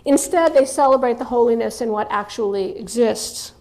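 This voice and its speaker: A woman's voice: a little high, moderate pace, a little mellow. A woman writer giving a reflective spoken lecture, earnest and stressing key words. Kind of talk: spoken lecture on religious texts.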